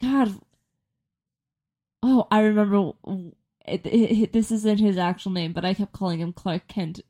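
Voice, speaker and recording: A young woman co-hosting a podcast, telling a story in lively casual chat and teasing her friend. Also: medium pitch, moderate pace. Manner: animated storytelling, teasing, laughs often. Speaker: podcast co-host.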